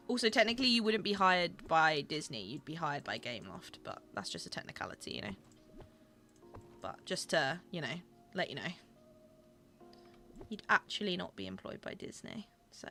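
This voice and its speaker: A woman's voice: lowish voice, expressive, moderate pace, pauses often, bright, forceful tone, faint music behind. A young woman chatting casually with her viewers while she plays and streams a game, gushing over small things.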